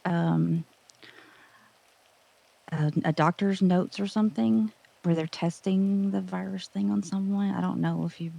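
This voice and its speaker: A woman's voice: lowish voice, fairly even intonation, unhurried, vocal fry, pauses often, mellow, dry recording. A woman calling in, speaking hesitantly and with worry. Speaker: caller.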